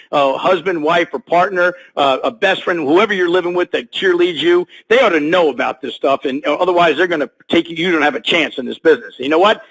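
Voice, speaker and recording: A middle-aged man presenting a business opportunity on a conference call, pitching emphatically and folksily with lots of rhetorical questions. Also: a bit bright, husky, low-quality recording. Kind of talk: motivational sales pitch over a slide presentation.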